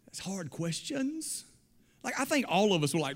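A man's voice: high voice, very animated, normal speed. A male pastor delivering a sermon in an emphatic, building style. He repeats phrases and restarts lines as he drives each point home. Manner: emphatic, rising to loud exclamations.

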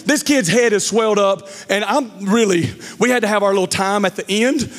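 A middle-aged male pastor preaching a sermon, telling a story with lively acted-out quotes and then speaking to the congregation. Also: high-pitched, normal speed. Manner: animated storyteller, acts out quotes loudly. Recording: long hall reverb.

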